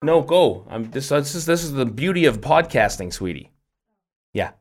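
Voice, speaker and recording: A middle-aged man co-hosting a podcast, telling stories in an animated way with lots of restarts and laughs. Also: mid-range voice, moderate pace. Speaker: podcast co-host. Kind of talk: casual chat.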